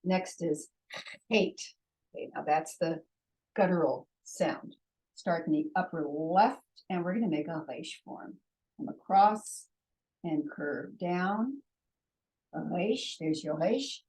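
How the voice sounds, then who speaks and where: A woman gives a patient, step-by-step writing lesson. Her voice sits a little low and she talks very slowly, pausing between strokes as she demonstrates each one. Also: expressive, a little mellow, poor audio. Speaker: Hebrew teacher.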